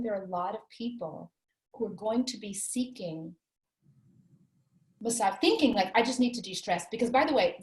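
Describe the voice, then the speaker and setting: A woman's voice: a little high, darkish tone. A woman being interviewed, telling a personal story in an earnest, reflective way. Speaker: author interviewed as guest. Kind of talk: candid conversational interview. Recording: roomy echo.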